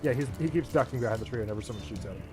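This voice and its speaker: A man's voice: mid-range voice, animated, very fast, dark tone, faint music behind. A man acting as dungeon master, narrating a tabletop game in a playful way and laughing at his own descriptions. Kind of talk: running a tabletop game over voice chat.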